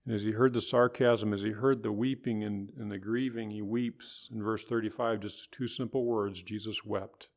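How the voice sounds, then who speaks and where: A man preaching a sermon, quoting scripture, rising higher and louder when voicing others and dropping soft for gentle words. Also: steady tone, normal speed, gravelly, hardly any pauses. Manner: rises in pitch and volume for quoted voices, drops soft for tender words; preaching with biblical quotations.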